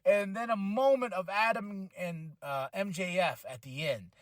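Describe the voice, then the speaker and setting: A man hosting a podcast, recapping a wrestling show in casual chat, excitable and full of fillers, acting out what people said. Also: sits high, a little slow, no echo. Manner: excitable, acts out quotes with voices, many fillers. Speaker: podcast host.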